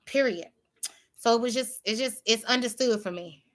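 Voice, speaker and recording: A woman with a fairly high, slightly bright voice hosts a livestream, speaking at a moderate pace. She talks with her viewers about faith in a casual, colloquial way that is emphatic and preachy.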